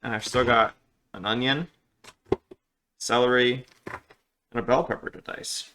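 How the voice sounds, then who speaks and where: A man with a mid-range voice chats casually in his home kitchen while cooking for his vlog, rambling and making self-deprecating jokes. His intonation stays fairly even and his pace is measured, with a noisy background behind him.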